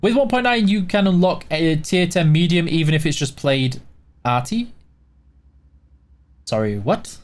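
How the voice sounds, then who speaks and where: A man with a Yorkshire accent that he tones down toward neutral British, hosting a casual livestream Q&A. His voice sits a little higher than most men's. He reads each chat question aloud, then answers in a loose, chatty way full of "uh"s. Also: animated, a little slow, pauses often. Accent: Yorkshire, softened toward neutral British. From Yorkshire, England.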